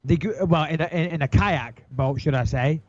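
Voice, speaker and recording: A high-voiced man tells a story in a casual interview, swearing a lot. He throws himself into it and acts out his own panicked thoughts. The recording sounds dry and a little dull. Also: normal speed, no echo. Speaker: interview guest.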